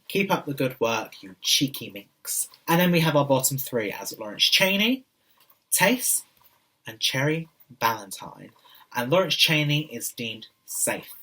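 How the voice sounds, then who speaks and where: A man's voice: mid-range voice, a bit bright, far from the mic. Cheeky camp British drag queen vlogger. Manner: camp, cheeky, sassy, addresses people directly. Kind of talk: casual TV recap vlog.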